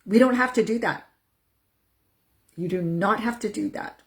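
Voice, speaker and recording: A woman's voice: mid-range voice, moderate pace. A middle-aged woman coaching viewers in a casual talk to camera, earnest and repetitive, often repeating her phrases for emphasis. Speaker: menopause coach.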